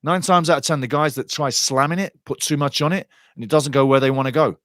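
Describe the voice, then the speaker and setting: A man hosting a soccer show, giving blunt, excitable live commentary on a penalty shootout. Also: on the high side, fast, dry recording, clean studio sound. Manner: excitable, blunt, swings from laughing to outraged shouting. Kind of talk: live watch-along commentary.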